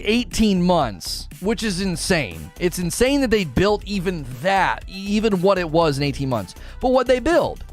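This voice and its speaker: A man in his thirties chatting casually on a live stream, answering chat with frequent laughter and playful asides. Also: high-pitched. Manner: animated, laughs often, slips into playful character voices.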